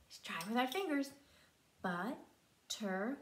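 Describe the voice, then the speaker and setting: A woman teaching preschoolers in a slow, sing-song and encouraging way, sounding out words syllable by syllable. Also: fairly high pitch, sing-song, fairly bright tone, echoey room. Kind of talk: teaching young children.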